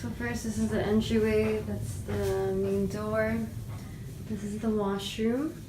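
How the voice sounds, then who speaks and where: A woman's voice: medium pitch, steady tone, slow. A young woman narrating a casual weekend vlog on a handheld camera, chatty, with laughs and many fillers. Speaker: vlogger. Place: outdoors by a mountain lake, later a hotel room. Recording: loud outdoor background noise.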